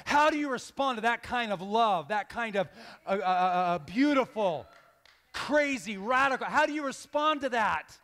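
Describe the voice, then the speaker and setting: Impassioned high-voiced man preaching in a hall. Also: moderate pace. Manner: animated, impassioned, acts out quoted voices. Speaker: guest pastor. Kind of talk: sermon. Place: church sanctuary. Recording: long hall reverb.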